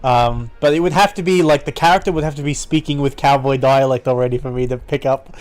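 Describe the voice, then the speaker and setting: A man's voice: medium pitch, steady tone, quick pace. A young man with an Australian accent chatting casually and thinking aloud while streaming a game. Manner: chatty, self-deprecating, thinking aloud with fillers. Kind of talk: live-streamed game playthrough.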